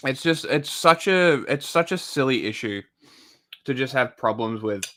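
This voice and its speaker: Male streamer, casual rambling delivery, heavy swearing, bright tone. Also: mid-range voice, animated, moderate pace. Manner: rambling and profane, with many restarts and fillers. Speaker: livestreamer commenting on news. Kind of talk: casual live-stream chat.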